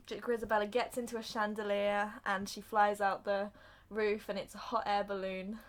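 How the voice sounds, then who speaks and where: A young woman recapping a film plot for comedy, acting out the characters' lines in an animated way. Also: medium pitch, fairly quick. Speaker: video reviewer.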